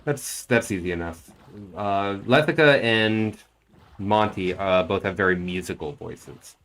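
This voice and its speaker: A man's voice: sits low, unhurried, a bit bright, slight background noise. A man streaming a game and chatting casually, thinking aloud as he plays. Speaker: streamer and voice actor.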